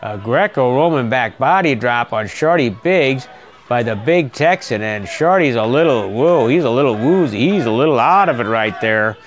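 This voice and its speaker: A middle-aged man giving folksy, excitable play-by-play commentary on a wrestling match. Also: mid-range voice, normal speed.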